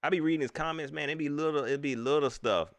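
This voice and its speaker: A man with a Southern US accent hosting a casual live-stream chat, animated and quick to laugh, his voice climbing high when he gets riled. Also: dry recording. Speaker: host.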